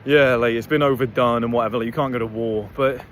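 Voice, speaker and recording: A man's voice: medium pitch, steady tone, fast talker, a bit bright, slight background noise. Blunt, swearing man ranting outdoors. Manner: blunt, profane, rambling. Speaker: motivational vlogger. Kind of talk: casual monologue to camera.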